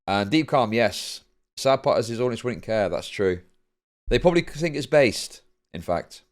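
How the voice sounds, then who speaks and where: A man's voice: mid-range voice, normal speed. Dry-voiced male streamer. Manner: dry, repeats "indeed" flatly; explains at length with many fillers. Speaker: streamer reacting to a video. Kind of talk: live-stream commentary reading donations.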